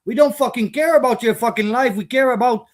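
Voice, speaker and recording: A man's voice: very high voice, fairly quick. A man hosting, ranting angrily and profanely in broken grammar. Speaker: channel host. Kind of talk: casual rant.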